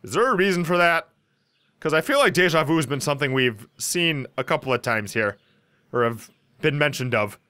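A man giving casual let's play commentary, animated and reading game lines aloud at a desk mic. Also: a little high, a little fast, smooth.

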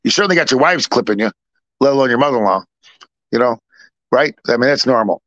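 A middle-aged podcast co-host rambles through a family story in casual chat, repeating himself and acting out both sides of the dialogue. His mid-range voice is animated, quick, and a bit bright, with no room sound but dull audio.

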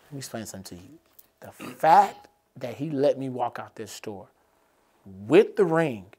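A man telling a comedic story on a podcast, animated and profane, swinging between loud and quiet. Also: medium pitch, normal speed, slightly rough. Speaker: podcast co-host.

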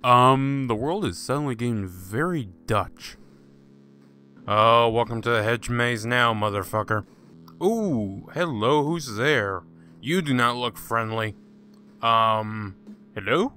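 A man's voice: medium pitch, animated, slow, sharp tone. A man hosting a casual gaming let's-play, joking sarcastically and talking back to the game's characters. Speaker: gaming channel host.

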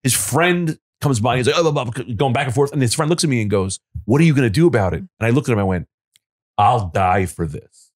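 A man's voice: mid-range voice, animated, very fast, hardly any pauses. Man, comedy podcast chatter, emphatic and profane storyteller. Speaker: comedian podcast co-host or guest. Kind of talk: casual comedy podcast chat.

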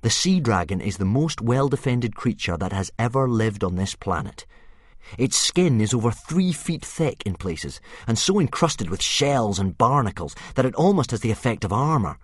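A man narrating an audiobook with vivid, dramatic storytelling that drops to a hush in tense moments. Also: medium pitch, big pitch swings, normal speed, no room sound, studio quality.

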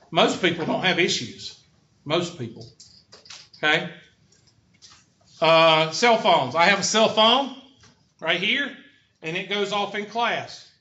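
A middle-aged college instructor with a Southern American accent delivers a blunt, folksy lecture, frequently putting questions to the students. His high voice comes across bright and forceful. The lo-fi recording echoes through the classroom, with a little hiss or hum.

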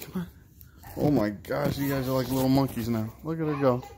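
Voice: mid-range voice, a little fast, noisy background. A young adult parent in a home video, talking to babies in sing-song, encouraging baby talk.

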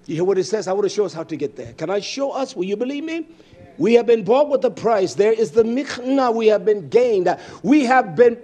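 A man preaching a sermon, emphatic, swinging between loud bursts and low murmurs and asking his listeners direct questions. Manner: addresses congregation directly with questions.

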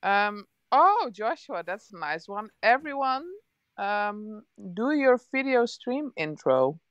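A chatty, giggly co-host reading out chat questions on a casual livestream. The voice is smooth and resonant, at a middle pitch, and the sound is dry. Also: big pitch swings, takes it slowly, fairly bright tone, dry recording, lo-fi sound.

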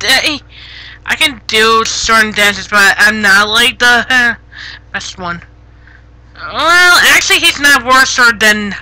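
Giggly girl streamer on a headset, super bright voice, takes her time, dry close sound. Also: a little high, no echo, rough recording. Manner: giggly, easily flustered, scolds chat gently. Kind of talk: casual live-stream chat, answering viewers. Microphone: gaming headset.

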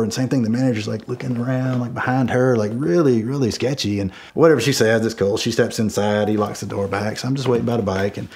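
A middle-aged man telling a personal story in a casual, rambling way, full of fillers and restarts. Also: fairly low pitch. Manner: rambling, many fillers and restarts, shouts quoted lines loudly. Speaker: storyteller guest.

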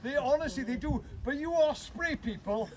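A man's voice: very high-pitched, expressive, moderate pace. A man with a Welsh accent giving a chatty, teasing, rambling speech to open a bird hide, full of asides. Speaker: guest speaker opening a bird hide. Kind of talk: humorous off-the-cuff public speech. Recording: crowd noise and background chatter.

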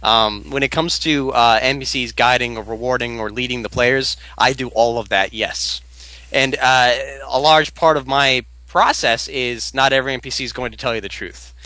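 Emphatic bright-voiced male game master. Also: medium pitch, moderate pace, no room sound, rough recording. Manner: emphatic, opinionated. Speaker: podcast co-host and game master. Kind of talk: casual podcast chat.

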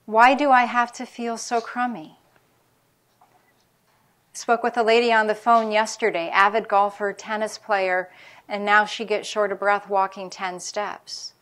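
A middle-aged palliative care physician gives a public lecture on caregiving, candidly sharing personal anecdotes and speaking frankly about caregivers' feelings. Her mid-range voice is fairly bright, measured in pace, with little pitch movement.

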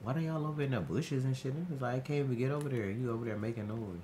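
A man streaming a horror game, talking to himself in casual, profane, excitable commentary. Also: mid-range voice, very fast, slight background noise. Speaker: gaming streamer.

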